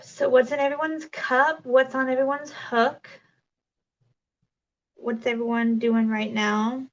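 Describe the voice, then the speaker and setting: A woman's voice: sits high, level tone, slow pace, muffled recording. A woman hosting a casual crafting livestream, chatting and reading viewer comments, rambling with many fillers and restarts.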